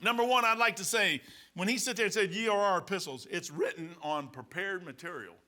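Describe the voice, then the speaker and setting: Male pastor preaching from the pulpit, animated and folksy, high piercing voice. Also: fairly quick. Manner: animated, colloquial storytelling. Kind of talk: sermon. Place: church, behind the pulpit.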